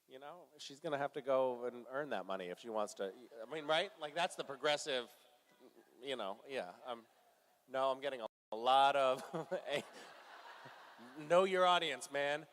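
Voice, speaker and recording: A man answering fan questions at a convention panel in a loose, playful way, laughing often and filling pauses with ums. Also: mid-range voice, fairly bright tone. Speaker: actor, convention panel guest. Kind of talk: joking convention Q&A chat.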